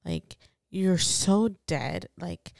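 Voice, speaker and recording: A woman co-hosts a podcast in a casual chat, relaxed and a bit teasing, dropping the odd curse word. Her voice is low and gravelly. It sounds dry and close to the mic. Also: drawn-out words, no echo. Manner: laid-back and teasing, swears casually. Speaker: podcast co-host.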